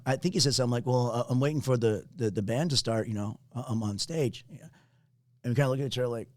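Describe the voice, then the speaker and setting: A man's voice: medium pitch, racing, no room sound, clean studio sound. A man hosting a podcast, telling a rambling story in casual chat, swearing often and laughing along. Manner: rambling, swears a lot, laughs at own stories. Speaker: podcast host.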